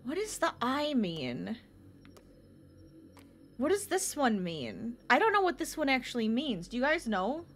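Excitable woman streamer, lively pitch. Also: unhurried, long pauses, faint music behind. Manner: excitable, chatty, reacting aloud to chat. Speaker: game streamer. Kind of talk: casual gameplay commentary.

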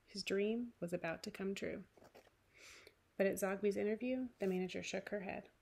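A woman teacher reading a picture book aloud to a class of small children. Her voice has a gravelly, slightly husky texture, at a middle pitch. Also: normal speed. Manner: clear, warm read-aloud narration for young children.

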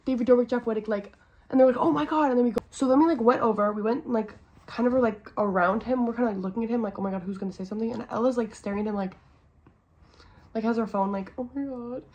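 A woman's voice: a little high, fairly even intonation, fast, darkish tone, muffled recording. A young woman vlogging in a casual, gushing way, full of "like" and swearing. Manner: bubbly, gushing, swears a lot, fillers like "like". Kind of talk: casual vlog chat.

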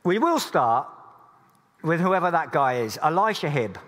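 A man's voice: fairly high pitch, very animated, unhurried, a bit bright. A man preaching a sermon in a church, earnest but with dry humorous asides. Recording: long church reverb.

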